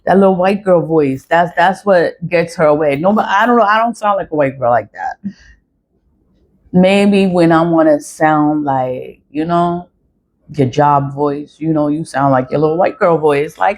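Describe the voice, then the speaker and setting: A woman's voice: low-pitched, a little slow. A woman ranting to camera in a casual vlog, blunt and frustrated, swearing often and repeating phrases for emphasis. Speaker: vlogger.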